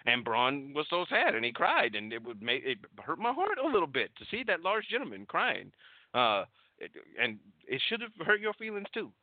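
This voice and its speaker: A man's voice: a little high, wildly swooping pitch, moderate pace, no room sound. A man hosting a wrestling recap show, rambling casually and sarcastically, with frequent swearing. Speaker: podcast host recapping wrestling. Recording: dry, thin phone-like audio.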